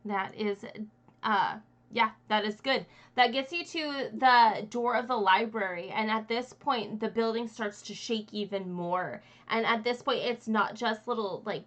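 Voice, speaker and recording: Bright-voiced woman game master. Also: mid-range voice. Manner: casual, halting, with fillers and restarts. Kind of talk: narrating a tabletop game.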